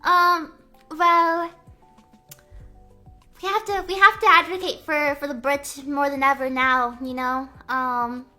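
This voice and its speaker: A woman's voice: high voice, fairly even intonation, slow pace, long pauses, sharp tone, soft background music. A woman streaming, chatting casually in a playful, rambling way full of "like" and "um". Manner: playful, jokey. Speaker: livestreamer. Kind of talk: casual chat.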